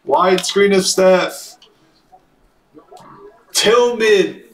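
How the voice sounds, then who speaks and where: A man hosting a live card break, calling out each card and shouting at big hits. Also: sits high, drawn-out words. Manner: excited, calls out card hits. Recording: echoey room with faint noise.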